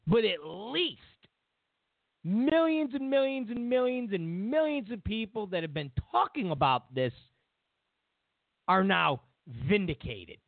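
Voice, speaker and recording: A man's voice: sits high, very animated, measured pace, gravelly, no echo. A man hosting a political talk show, delivering a heated, sarcastic opinion monologue. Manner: heated and sarcastic, mocks others in put-on voices. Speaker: political commentary host. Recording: dry, phone-like lo-fi sound.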